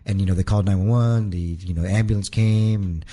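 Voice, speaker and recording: Husky low-voiced man telling a story. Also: steady tone, dark tone. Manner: halting, repeats words, relives moments aloud. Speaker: guest, wrestler. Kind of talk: casual storytelling interview.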